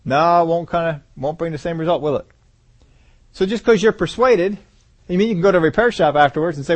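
A man's voice: a little high, fast talker. A man preaching a sermon, asking the congregation rhetorical questions and repeating phrases for emphasis.

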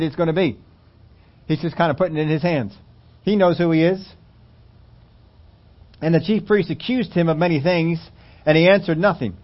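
A man's voice: fairly high pitch, steady tone, a little fast, long pauses, lo-fi sound. A man preaching a sermon to his church, reading scripture aloud and breaking off into rambling asides. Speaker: pastor.

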